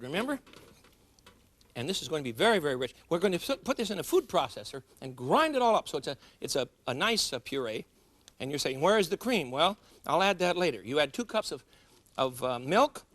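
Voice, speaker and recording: A middle-aged man with a slightly high voice demonstrates a recipe in a studio kitchen. His pitch swings widely as he chats and jokes with the viewers, laughing at himself between steps. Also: sing-song, a little fast, a bit bright. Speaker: cooking show host. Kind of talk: cooking demonstration.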